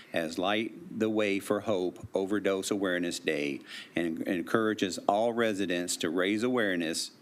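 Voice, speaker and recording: Male council chair, low voice, formal measured proclamation reading, council chamber. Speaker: presiding official at a town council meeting. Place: town council meeting chamber.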